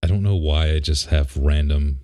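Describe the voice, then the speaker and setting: A man's voice: extremely low pitch, moderate pace, mellow. A young man co-hosting a podcast, chatting in a laid-back, rambling way and laughing often. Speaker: podcast co-host. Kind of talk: casual chat. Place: home office.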